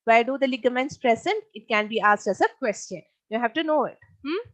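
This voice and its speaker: A woman's voice: a little high, animated, fairly quick, dry recording, poor audio. Woman teacher repeating points. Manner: repeats points, asks pupils rhetorical questions. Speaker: online science teacher. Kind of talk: live online class teaching.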